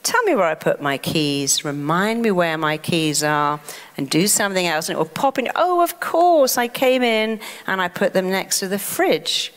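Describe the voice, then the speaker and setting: A middle-aged English woman giving a motivational talk as a therapist, animated and acting out panicky inner voices. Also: fairly low pitch, moderate pace. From England. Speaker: therapist and speaker. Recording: long hall reverb.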